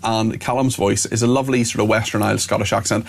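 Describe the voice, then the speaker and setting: A Northern Irish man presents a talk radio show, chatting between listener messages he reads aloud. His voice sits a little low, with a gravelly fry. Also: fairly even intonation, quick pace.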